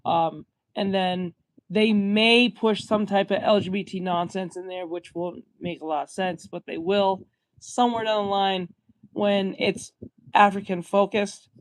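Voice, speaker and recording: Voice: mid-range voice, steady tone, a little slow, no echo. A stream host giving casual reaction commentary, rambling and swearing a lot, with many fillers and restarts.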